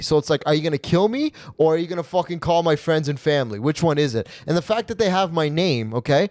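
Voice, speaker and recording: A man's voice: a little high, fairly quick, darkish tone, dry recording, clean studio sound. A man hosting a comedy podcast, telling stories in a rambling, profane way and often tacking on "okay?" and "right?". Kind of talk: casual comedic storytelling.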